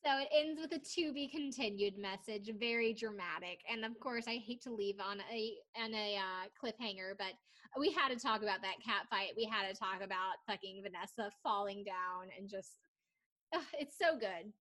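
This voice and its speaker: A woman's voice: mid-range voice, normal speed. A young woman co-hosting a casual podcast, telling a reality TV story with lots of swearing and acted-out quotes. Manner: animated storytelling, swears freely, acts out quotes. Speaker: podcast co-host. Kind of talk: casual chat recapping reality TV.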